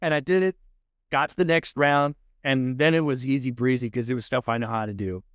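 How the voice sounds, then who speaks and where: A man in his thirties with a Texan accent, a podcast guest telling his story in a casual, animated way and acting out the people he quotes. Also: mid-range voice, brisk, clear, resonant tone, dry recording, studio quality. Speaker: podcast guest, food show host. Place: podcast studio.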